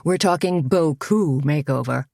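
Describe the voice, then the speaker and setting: A woman's voice: deep voice, a little slow, gravelly, mellow, dry recording, clean studio sound. A woman voicing Brett, a giddy male hairdresser who coos and gushes. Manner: cooing, giddy. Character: gushing, giddy man hairdresser.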